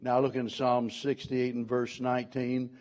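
A man preaching a sermon from the pulpit, quoting scripture and stressing its words in a deliberate, earnest delivery. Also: mid-range voice, completely flat delivery, a little mellow. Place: church.

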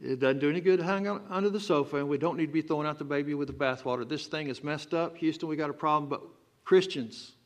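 A man's voice: fairly high pitch, fast. A man with a Texan accent, preaching a sermon as pastor and breaking into emphatic, rising outbursts. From Texas. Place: church sanctuary.

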